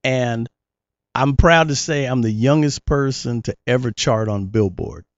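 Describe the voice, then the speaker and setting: A man's voice: mid-range voice, unhurried, no echo, muffled recording. A middle-aged man, a guest and former child actor, telling stories in a casual interview and acting out the voices in his quotes. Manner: animated storyteller, acts out voices in quotes.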